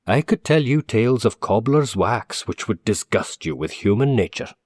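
A man's voice: lowish voice, animated, moderate pace, slightly rough, no room sound, studio quality. A man voicing a fussy, eager middle-aged male manager who speaks earnestly and formally.

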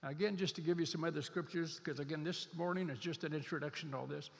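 A man preaching a sermon as a pastor, earnest, slowing down and stretching key scripture words to drive them home. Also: fairly high pitch, steady tone, gravelly, long reverb tail.

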